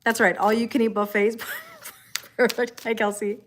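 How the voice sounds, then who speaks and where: A woman's voice: on the high side, little pitch movement, normal speed, a little hiss or hum. A woman hosting a live tarot stream, chatting casually with viewers, joking and greeting them by name.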